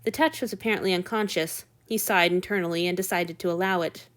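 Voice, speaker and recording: A woman reading fan fiction aloud with expressive storytelling narration. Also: lowish voice, fast talker. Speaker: audiobook reader.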